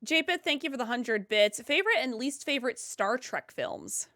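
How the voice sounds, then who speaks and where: A woman's voice: fairly high pitch, animated, sharp tone, no room sound, studio quality. A woman co-hosting a casual livestream, reading out viewer questions and thanks. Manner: reads out chat messages, quick asides.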